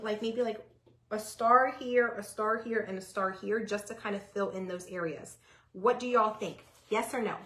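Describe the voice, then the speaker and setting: A woman with a slightly high voice hosts a live DIY craft stream, chatting with viewers, greeting them by name, and breaking into excited yelling.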